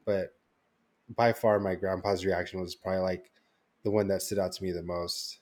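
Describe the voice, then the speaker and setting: A man's voice: sits low, little pitch movement, moderate pace, darkish tone. A young man co-hosting a podcast, telling a story in casual chat with lots of fillers and restarts. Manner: rambling storytelling with many fillers. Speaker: podcast co-host.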